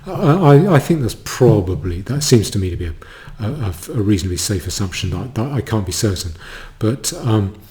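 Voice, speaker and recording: A man giving a solo commentary monologue, halting, with many stammered restarts. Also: fairly low pitch, lively intonation, warm tone.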